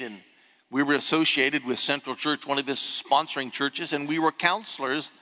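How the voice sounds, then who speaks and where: Older pastor preaching in an echoey hall. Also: male voice, mid-range voice. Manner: storytelling, animated emphasis. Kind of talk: sermon. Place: church sanctuary.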